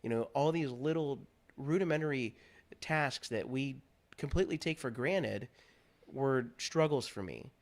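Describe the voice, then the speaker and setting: Guy from pennsylvania guesting on a talk show, earnest, candid, middle pitch. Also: unhurried. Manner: earnest, candid, animated when moved. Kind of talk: personal story in a talk show interview.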